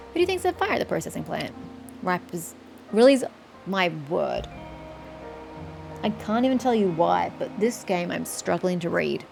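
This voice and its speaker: A woman's voice: lowish voice, very animated, normal speed, gravelly, pauses often, a little mellow, faint music behind. A woman playing a story game, chatting and thinking aloud with casual swearing. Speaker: gamer. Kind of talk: let's play commentary.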